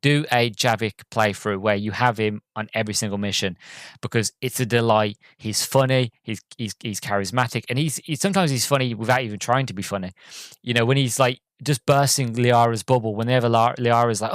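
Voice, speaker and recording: A man's voice: mid-range voice, steady tone, brisk, fairly bright tone, no echo, studio quality. A man hosting a podcast, reviewing a game in a casual, rambling way full of ums and restarts, an enthusiastic fan. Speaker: podcast host.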